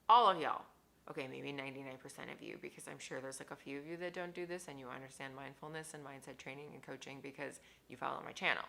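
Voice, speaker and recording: A woman in her thirties, a mindset coach, talking to camera in a casual vlog, emphatic and scolding, dropping to whispers and rising to loud stresses. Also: low voice, vocal fry.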